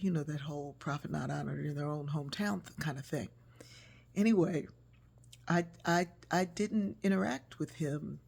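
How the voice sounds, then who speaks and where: A woman author telling a personal story in a casual, animated way, acting out the voices she quotes. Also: low voice, gravelly, breathy edge.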